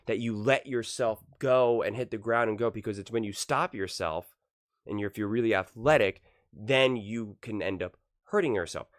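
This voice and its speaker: A man hosting a sports talk show, reacting to clips in a heated, animated rant that keeps repeating itself and climbs high when he gets indignant. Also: no room sound, clean studio sound. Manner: heated, talks fast, repeats himself, rises to shouting pitch when indignant.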